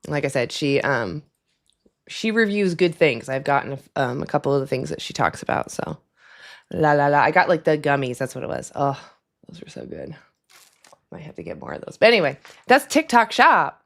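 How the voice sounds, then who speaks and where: A woman's voice: low-pitched, big pitch swings, brisk, gravelly. A woman hosting a casual live stream at her desk at home, rambling with lots of fillers and chatty asides.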